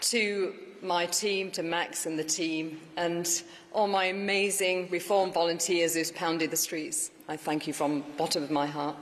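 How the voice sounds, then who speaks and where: A woman delivers a rousing, declarative victory speech, her voice pitched a little low. The sound carries a long reverb from a large hall, with faint ambience behind her. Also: flat delivery, measured pace, few pauses, noisy background. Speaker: newly elected mayor giving victory speech.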